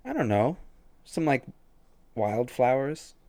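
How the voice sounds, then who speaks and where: A man's voice: mid-range voice, sing-song, slow, a little mellow, dry recording. A man co-hosting a podcast, laid-back and laughing often. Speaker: podcast co-host. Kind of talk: casual chat.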